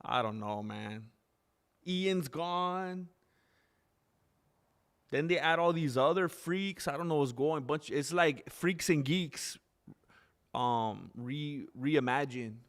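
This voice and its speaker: A man's voice: fairly high pitch, slow, long pauses. A man hosting a live stream in casual chat, rambling, reading viewer names aloud and correcting himself as he goes.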